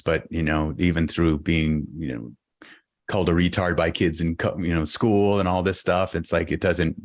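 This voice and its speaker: A man's voice: rumbling low, no echo, studio quality. A man from Boston, a podcast guest, telling a personal story in an earnest, reflective way. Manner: earnest, reflective, halting restarts.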